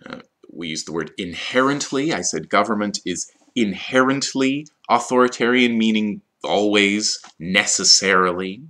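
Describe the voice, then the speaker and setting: Low-voiced guy explaining vocab slowly for esl learners, goes over words again. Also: pushed and bright. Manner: slow, explanatory, repeats key words. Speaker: ESL teacher. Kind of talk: vocabulary lesson.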